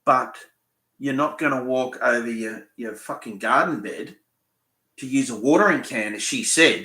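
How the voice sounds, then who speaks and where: A man's voice: medium pitch, moderate pace, sharp tone, reverberant. An Australian man hosting a live Q&A, rambling and swearing as he tells a story bluntly. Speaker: fishing channel host. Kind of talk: live Q&A chat.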